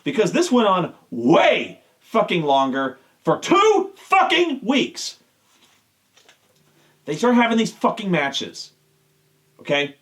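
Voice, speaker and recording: A man's voice: high voice, fairly bright tone. A man hosting a show, ranting with exasperation and heavy swearing. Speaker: show host. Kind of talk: profane rant.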